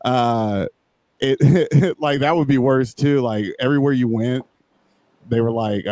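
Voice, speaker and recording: A man's voice: mid-range voice, unhurried, darkish tone, dry recording. A man co-hosting a podcast, rambling and cursing, laughing through his own jokes. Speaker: podcast co-host. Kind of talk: casual chat.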